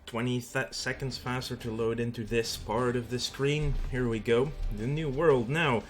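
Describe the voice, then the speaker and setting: A man's voice: mid-range voice, steady tone, normal speed, soft background music. A Dutch man with a Dutch accent hosting a let's play, explaining the game in a casual way with frequent fillers. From Netherlands. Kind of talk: gameplay commentary.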